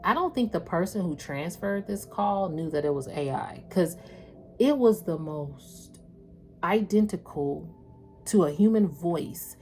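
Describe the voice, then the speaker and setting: A woman's voice: on the low side, animated, measured pace, darkish tone, soft background music. A woman doing a casual spiritual reading, chatting with viewers in a slangy, loose way. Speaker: spiritual tarot reader.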